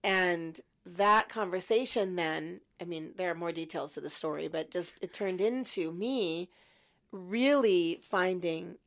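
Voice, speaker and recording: A woman in her fifties, a guest in an interview, telling a personal story in a lively way and acting out her younger self. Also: on the low side, measured pace. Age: 50s. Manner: animated storyteller, acts out her past self.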